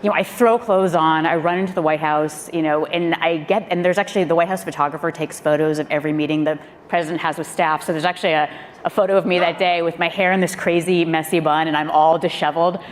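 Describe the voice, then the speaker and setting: A woman who is a former speechwriter, telling a lively story on a panel and acting out the quoted voices with big jumps in pitch. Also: quick pace. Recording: long hall reverb with faint noise.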